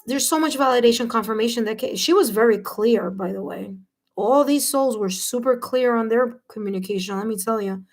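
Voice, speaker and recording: A woman's voice: on the high side, normal speed. A woman hosting a live tarot reading, talking effusively to viewers and gasping and exclaiming as she reads their replies. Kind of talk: live-stream chat, reading viewer comments aloud.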